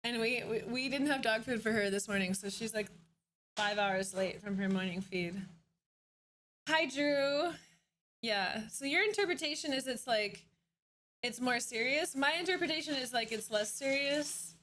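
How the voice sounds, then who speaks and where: Chatty high-voiced young woman streamer. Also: moderate pace, fairly bright tone, slight background noise. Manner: chatty, laughs often, greets viewers. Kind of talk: casual live-stream chat.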